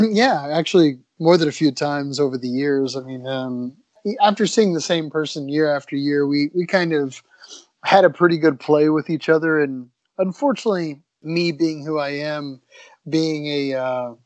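Male, a bit high-pitched, relaxed and chatty, dry close sound. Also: moderate pace, no echo. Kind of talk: casual anecdote telling.

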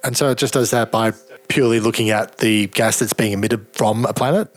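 A man's voice: fairly low pitch, fairly even intonation, a little fast. A man co-hosting, asking curious follow-up questions and dropping dry one-liners. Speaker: co-host. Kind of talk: casual radio chat.

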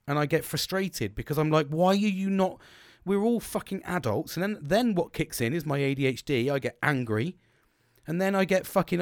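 A man's voice: fairly high pitch, no room sound, studio quality. A British man vlogging an unscripted personal monologue, talking bluntly with frequent swearing and many false starts. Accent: British English. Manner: blunt, swearing, restarts sentences often; self-described bolshy and gobby, talks with no filter.

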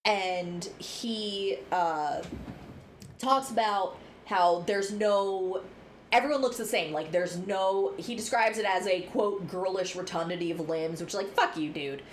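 A woman's voice: mid-range voice, slow. Rambling young woman chatting on a podcast. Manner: rambling, frank, swears casually. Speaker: podcast co-host. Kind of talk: casual chat. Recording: faint background noise.

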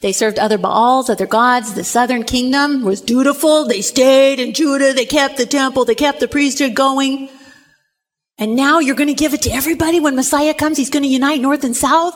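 A woman preaching a sermon, retelling a parable with lively storytelling and acted-out voices. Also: sits high, fairly quick. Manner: animated storytelling, acting out voices.

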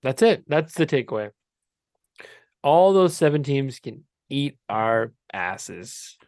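A man's voice: medium pitch, big pitch swings, darkish tone, no room sound. Playful teasing man hosting, dry mic. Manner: playful, teasing, quick to laugh. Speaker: podcast host. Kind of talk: casual chat. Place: podcast studio.

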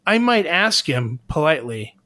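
A man with a fairly high voice, talking earnestly in a casual podcast chat. He often restarts while he searches for the right words. The recording is close and dry, with no room sound. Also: big pitch swings, moderate pace, pushed and bright, no room sound. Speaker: podcast co-host.

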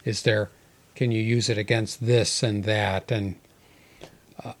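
A man's voice: fairly low pitch, flat delivery, measured pace, heavy background noise. A man co-hosting a podcast in casual chat, musing aloud and playing the contrarian. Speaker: podcast co-host.

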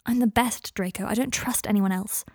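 A woman voicing a steady, protective young man who speaks calmly and gently. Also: medium pitch, moderate pace, slightly rough, no room sound, studio quality, close to an everyday voice.

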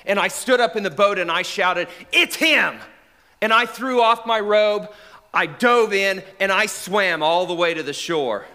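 An actor playing the apostle Peter, an earnest, remorseful fisherman, telling his story in the first person and swinging from hushed to shouted. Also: high voice, normal speed. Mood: excited. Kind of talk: dramatic monologue. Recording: long reverb of a large hall.

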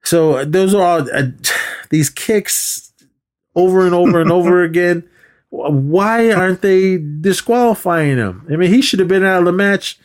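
Animated man recapping a movie. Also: high-pitched, moderate pace. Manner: animated retelling, acts out lines, laughs often. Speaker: podcast co-host.

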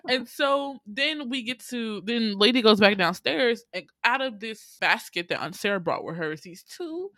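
Animated, swearing woman recapping a film. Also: moderate pace, no echo, clean studio sound. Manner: animated, swears freely, acts out her own outraged reactions in a high voice. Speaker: podcast co-host. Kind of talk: casual movie recap chat.

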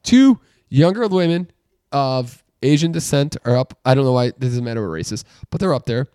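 A man's voice: animated, normal speed, clear, resonant tone, no room sound, clean studio sound. A man co-hosting a podcast, telling a story in a casual ranting way and swearing a lot. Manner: ranting, swears a lot, gets loud and high when worked up. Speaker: podcast co-host. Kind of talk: casual chat.

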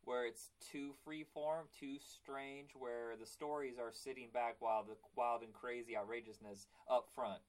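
A man's voice: mid-range voice, steady tone, normal speed, few pauses, poor audio. A young man hosting a podcast in casual chat, rambling and stumbling over his words. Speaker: podcast host.

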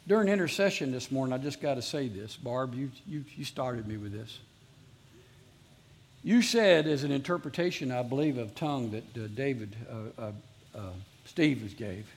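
A man preaching a sermon as pastor to a live congregation, earnestly repeating his exhortations. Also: mid-range voice.

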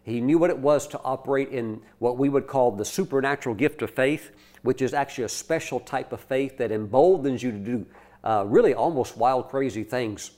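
A man preaching a sermon and retelling a story in an animated way, acting out the quoted lines and often restarting his sentences. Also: mid-range voice, brisk.

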